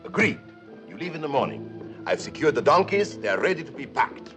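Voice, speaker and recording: An actor playing a fussy, wheedling middle-aged fixer who fawns and leaps high in protest, from a 1950s film soundtrack. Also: male voice, sing-song, a little fast, over music. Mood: fussing. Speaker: scheming fixer who keeps a bill.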